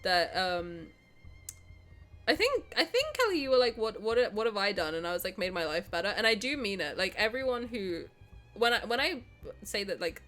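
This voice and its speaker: A woman's voice: mid-range voice, a bit bright. A woman streamer who is sick, chatting effusively with her viewers and reading game text aloud, with many restarts and bursts of laughter. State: sick, slightly congested.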